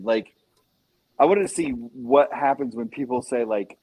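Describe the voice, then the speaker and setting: A man's voice: mid-range voice, a little slow, a little mellow, husky, rough recording. A man on a casual talk show who jokes, swears and acts out mock quotes. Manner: joking, mock-quoting, swears. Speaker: podcast co-host. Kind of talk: casual chat.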